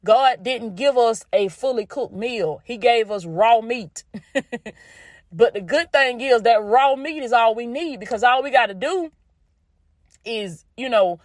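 A podcast host from the Southern United States, speaking with a Southern US accent, gives a faith-based motivational talk in a folksy, down-home way. She calls listeners "baby" and "y'all" and repeats phrases for emphasis. Her fairly high voice is animated and unhurried, recorded with clean studio sound and no room sound.

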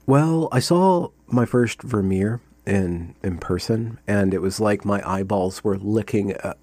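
A low-voiced man with a husky tone hosts a loose chat. He wanders through his thoughts with playful asides and fillers. The recording is dry and close. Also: measured pace, mellow, no room sound. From United States. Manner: meandering, playful, thinks aloud with fillers. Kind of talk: casual conversation.

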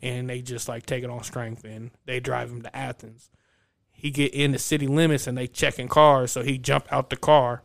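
A young man in casual chat, recapping a movie plot in a rambling, profane, animated way. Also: mid-range voice, normal speed, vocal fry. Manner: profane, animated storytelling with acted-out quotes.

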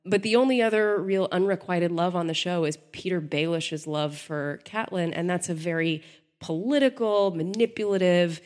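A woman's voice: fairly low pitch, normal speed, a little mellow. A woman hosting a podcast, talking through ideas in a thoughtful, analytical way with frequent restarts. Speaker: podcast host. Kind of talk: casual podcast discussion.

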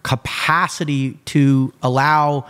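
A man who is a podcast guest, telling stories in casual chat in a blunt, animated way. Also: mid-range voice, slow, clean tone.

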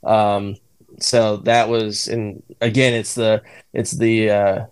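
A man's voice: fairly low pitch, little pitch movement, slow, clear, resonant tone. A man chatting casually as a podcast guest, telling an easygoing anecdote.

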